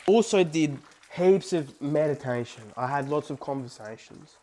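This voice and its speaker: A young man tells a story to camera in casual, profane talk, swinging from loud outbursts to hushed asides. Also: fairly high pitch, lively intonation, moderate pace, slight background noise. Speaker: vlogger.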